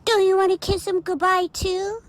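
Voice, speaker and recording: A woman's voice: very high-pitched, level tone, moderate pace. A woman voicing an eager small boy in an audiobook, with a sing-song childlike delivery. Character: small excited young boy.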